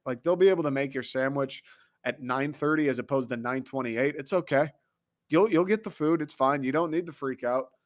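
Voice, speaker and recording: A young adult man delivering an exasperated, incredulous comedic rant, riffing and acting out quotes. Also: medium pitch.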